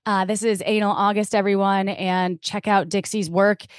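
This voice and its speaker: A woman's voice: mid-range voice, fairly even intonation, normal speed, no echo, studio quality. A woman from the US Midwest co-hosting a podcast, bubbly and playful in casual chat. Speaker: podcast co-host.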